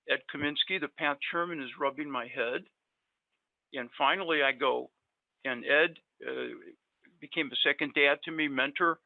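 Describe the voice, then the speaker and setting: Long, meandering personal stories with plenty of fillers come from a middle-aged man who is a guest dentist in a casual chat. His voice is a little high and gravelly, and the dry, tinny phone-like line carries no room sound.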